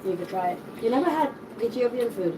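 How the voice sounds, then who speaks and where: A woman's voice: fairly high pitch, lively intonation, fast, distant mic, heavy background noise. A woman co-hosting a home cooking channel, chatting while eating and thanking viewers, her voice still a bit worn out from being unwell. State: voice still not fully recovered. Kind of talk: casual chat while eating.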